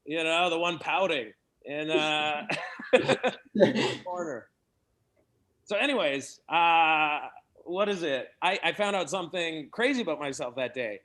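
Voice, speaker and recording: A young man from Canada doing a stand-up set at an online open mic, animated and laughing at his own jokes. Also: fairly high pitch, a little slow, long pauses. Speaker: stand-up comedian.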